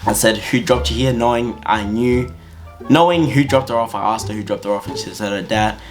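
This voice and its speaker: A man telling a story-time anecdote in an animated, slangy, casual way. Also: fairly low pitch, brisk, soft background music. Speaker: vlogger.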